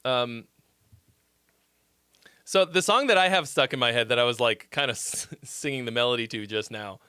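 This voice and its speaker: A man's voice: mid-range voice, normal speed, pushed and bright, smooth, dry recording, clean studio sound. A man from Massachusetts hosting a livestream, giving song feedback in a rambling, chatty way and laughing easily. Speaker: host reviewing listener songs. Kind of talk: casual livestream commentary.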